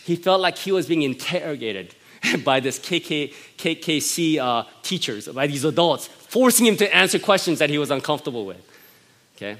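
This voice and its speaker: Lively middle-aged male pastor preaching. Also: a little high, moderate pace. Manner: conversational preaching, animated storytelling with laughs. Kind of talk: sermon.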